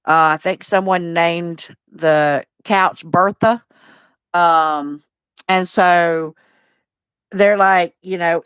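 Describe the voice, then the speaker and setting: A woman's voice: lowish voice, fairly even intonation, very slow, a bit bright, clear, resonant tone, no room sound, studio quality. A woman hosting a casual livestream, talking in a chatty, folksy way and greeting viewers by name. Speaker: livestream host.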